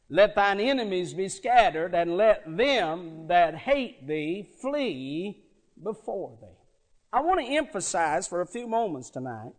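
A man preaching a sermon, telling a story and swelling from quiet, drawn-out words to loud emphatic peaks. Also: high-pitched.

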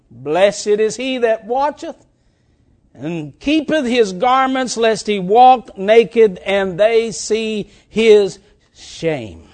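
Man preaching in a really high voice, slow and emphatic, drawing out the big words. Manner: slow, emphatic, drawn-out phrasing; addresses the congregation directly. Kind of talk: sermon.

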